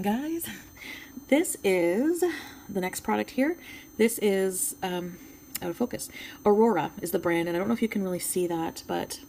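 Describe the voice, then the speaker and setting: A French Canadian woman talks through a casual makeup review, with a fairly low, gravelly voice. She is chatty and hesitant, with lots of ums. There is a faint hiss of room noise behind her. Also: darkish tone, poor audio. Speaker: beauty vlogger.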